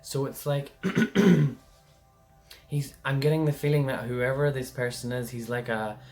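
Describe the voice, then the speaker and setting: A man's voice: medium pitch, steady tone, takes it slowly, a little mellow, faint music behind. A man giving a casual pick-a-card tarot reading, rambling and chatty, often checking in with the listener.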